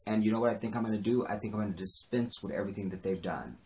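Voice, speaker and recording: A man's voice: on the low side, very fast, dark tone. A man giving a chatty, opinionated recap of a TV drama episode, acting out bits of the dialogue. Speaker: TV episode reviewer.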